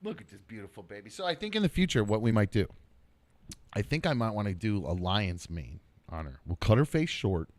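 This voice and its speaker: A man hosting a casual podcast, chatting and joking, sometimes cooing softly over his dog or playing up a mock game-show voice. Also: fairly low pitch, very animated, fairly quick, no room sound. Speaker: podcast host. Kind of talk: casual chat.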